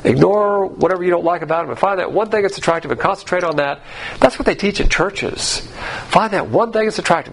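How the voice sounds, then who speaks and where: Gravelly, husky man preaching. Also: fairly high pitch, expressive, fast. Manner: emphatic and sarcastic, mocking quoted views. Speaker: Bible teacher. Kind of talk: sermon.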